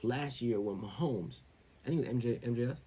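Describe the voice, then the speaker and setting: Male show host, husky voice, mid pitch, rambling slangy sports talk. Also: a little fast. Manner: animated, slangy, rambling with restarts. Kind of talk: casual sports commentary.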